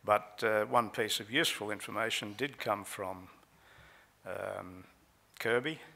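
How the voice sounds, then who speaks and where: A man speaks at a conference lectern, recounting a trial in a measured way with frequent pauses. His voice sits a little low, with a gravelly edge and a bright, forceful tone. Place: conference hall.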